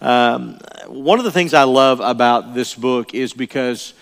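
A man's voice: mid-range voice, unhurried, vocal fry. Older man preaching in a reverberant church. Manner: earnest, emphatic, repeats key phrases. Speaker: pastor. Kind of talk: sermon. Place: church sanctuary. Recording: long reverb of a large church hall.

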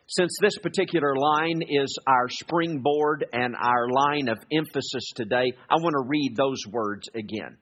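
A man with a husky voice preaches a sermon in a church sanctuary, earnest and halting, slowing down to read scripture aloud. His voice carries a long hall echo on a dull, lo-fi recording. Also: mid-range voice, fairly bright tone. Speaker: guest preacher. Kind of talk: sermon with prayer and scripture reading. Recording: echoey hall, dull lo-fi sound.

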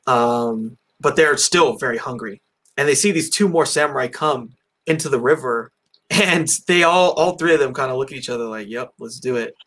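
At normal speed, this man's mid-range, slightly bright voice comes through his own mic on an online call. As a podcast host, he leads a relaxed movie review chat, meandering with lots of fillers and false starts.

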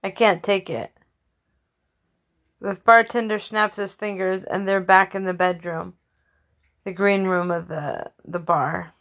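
Slow-telling woman improvising a story. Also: lowish voice, fairly even intonation, creaky, a bit bright. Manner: loose, with restarts and self-corrections.

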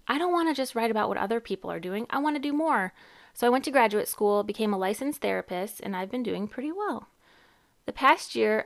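Chatty thirties woman hosting a podcast, rambles and laughs, average-pitched voice. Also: gravelly. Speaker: podcast host and therapist. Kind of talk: casual podcast chat.

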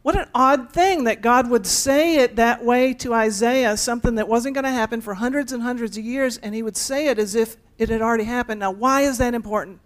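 A woman's voice: on the high side, brisk, few pauses. A woman pastor delivering a conversational sermon, speaking directly to her congregation with playful asides.

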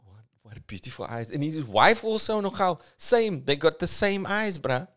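A middle-aged man rambling through a joking solo podcast, self-mocking and jumping between mumbles and loud bursts. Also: fairly high pitch, very animated, normal speed. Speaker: podcast host. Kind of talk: solo comedic podcast monologue.

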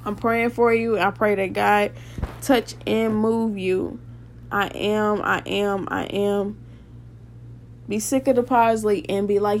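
A woman's voice: mid-range voice, steady tone, slow pace, a little hiss or hum. A woman, hosting a preaching podcast and praying aloud with fervent emphasis. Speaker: podcast host.

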